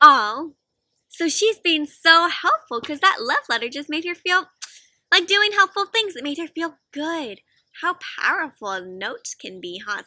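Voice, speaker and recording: A woman reading a picture book aloud to children, animated and asking the listeners questions as she goes. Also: high-pitched, moderate pace, no echo. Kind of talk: interactive read-aloud for kids.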